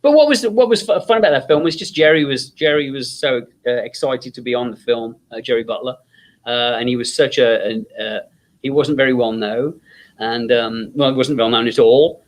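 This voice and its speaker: A man's voice: medium pitch, moderate pace. A man telling anecdotes in a casual chat, acting out the voices of people in his stories and laughing often. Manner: animated storyteller, acts out quoted voices, laughs often. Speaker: guest filmmaker.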